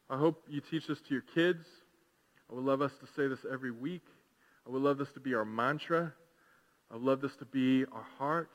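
A man preaching a sermon as pastor, swinging from hushed, slow passages to loud, fervent calls to the congregation. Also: mid-range voice. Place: large church hall. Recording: long hall reverb.

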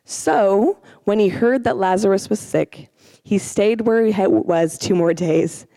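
A woman's voice: medium pitch, measured pace, dark tone, no room sound. A woman teaching an informal sermon, chatty and self-deprecating, with many fillers and restarts.

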